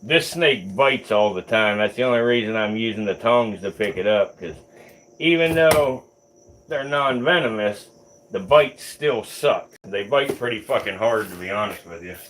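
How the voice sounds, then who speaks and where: A man's voice: lowish voice, normal speed, fairly bright tone, slight background noise. A young man hosting a reptile livestream, chatting casually, swearing and cooing at his snakes. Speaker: reptile keeper and livestream host.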